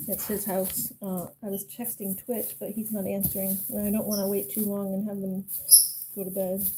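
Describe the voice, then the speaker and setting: A woman's voice: medium pitch, level tone, moderate pace, background noise. A young woman streaming live, chatting casually and cooing to her pets. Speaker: livestreamer.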